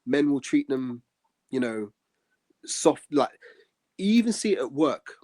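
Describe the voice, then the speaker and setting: Male co-host, mellow mid voice, earnest and measured scripture commentary. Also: medium pitch, big pitch swings. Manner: earnest, measured, many "um" pauses. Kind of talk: religious podcast discussion.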